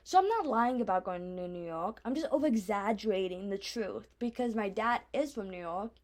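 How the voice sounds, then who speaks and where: A woman's voice: mid-range voice, animated, moderate pace, a little mellow. A young woman from Arizona with a speech impediment, telling personal stories in a casual, rambling vlog. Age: young adult. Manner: chatty, lots of "like" and restarts, acts out her own reactions. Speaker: vlogger.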